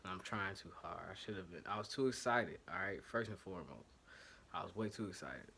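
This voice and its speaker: Ohio-accented male host, low-leaning, bright edge, slangy, one-take fan talk, casual and rambling. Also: expressive, brisk, gravelly, a little hiss or hum. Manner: loose, slangy, self-correcting and apologetic about technical trouble. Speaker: sports podcast host. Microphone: home setup, single take.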